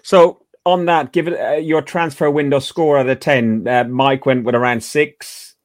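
A man's voice: medium pitch, steady tone, a little slow, no echo, clean studio sound. A man hosting a fan podcast, with a chatty manner full of stammered restarts. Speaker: podcast host. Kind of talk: casual podcast chat.

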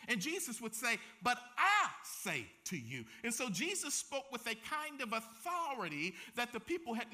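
A man preaching a sermon, acting out the scenes he describes with casual slang and big swings between loud and soft. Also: extremely high pitch. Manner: dramatic, acts out scenes with slang and shifting loudness.

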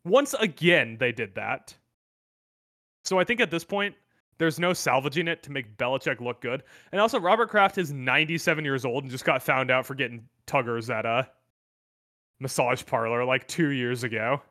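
Lively bright-voiced man joking about football. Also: mid-range voice, moderate pace, no echo, studio quality. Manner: animated, joking, teasing. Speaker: podcast co-host. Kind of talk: casual sports chat.

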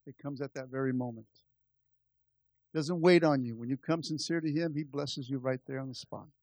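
A man's voice: mid-range voice, brisk, a little mellow, no room sound. A man preaching a fervent sermon to his church, repeating his calls to the congregation. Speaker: pastor. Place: church service.

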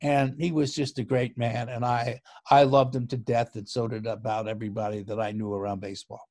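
A man telling a baseball story as an interview guest, animated and growing louder as the tale builds, often restarting his sentences. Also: fairly quick, dry recording, clean studio sound. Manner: lively storyteller who gets louder and higher as the story builds, with frequent restarts. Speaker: guest, former baseball TV broadcast producer.

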